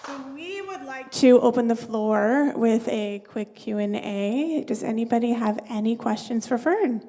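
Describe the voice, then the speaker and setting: A woman's voice: on the high side, animated, measured pace, warm tone, long reverb tail, a faint crowd. A woman hosting an award ceremony, coaxing the audience to join in and ask questions. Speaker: event host.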